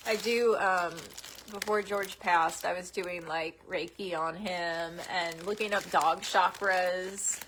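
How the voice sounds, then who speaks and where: A woman vlogger chatting casually to camera as she opens fan packages, talking softly with many pauses and fillers. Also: lowish voice, steady tone. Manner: soft, halting and tearful, with many fillers. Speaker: vlogger opening fan mail. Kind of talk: casual unboxing chat to camera. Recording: faint background noise with package crinkling.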